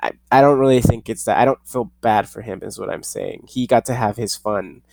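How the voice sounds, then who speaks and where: A young man hosting a casual podcast, rambling and profane, reading news haltingly and laughing at himself. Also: lowish voice, vocal fry, noisy background. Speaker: podcast host.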